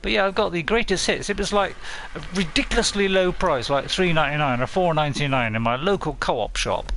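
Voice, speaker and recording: Playful man with a lively voice. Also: a little high, a little fast, slight background noise. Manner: playful, rambling, laughs often. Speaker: game streamer. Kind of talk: casual live-stream chat.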